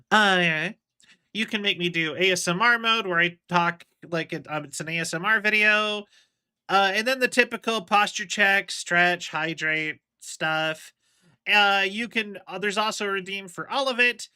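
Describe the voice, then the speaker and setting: A man's voice: high voice, measured pace, sharp tone, clean tone. A man streaming a video game, chatting casually and explaining things at length with lots of fillers. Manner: rambling, explains with many fillers. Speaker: livestreamer.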